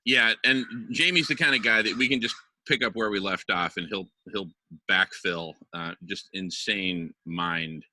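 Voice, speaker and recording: A man's voice: sits low, unhurried, sharp tone, slight background noise, rough recording. Effusive man hosting a call. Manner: friendly, effusive greetings. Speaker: host. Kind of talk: casual group call.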